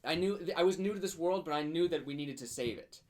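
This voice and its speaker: A man's voice: a little high, quick pace, noisy background. A man playing a board game and telling an earnest, mock-heroic in-character story with casual fillers.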